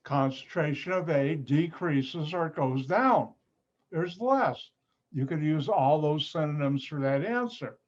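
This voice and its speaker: Guy prof teaching chem on a video call, slow and patient, kinda higher voice, dull audio. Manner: patient, repetitive explaining with playful asides. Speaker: chemistry professor. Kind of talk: online class lecture. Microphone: computer mic on a video call.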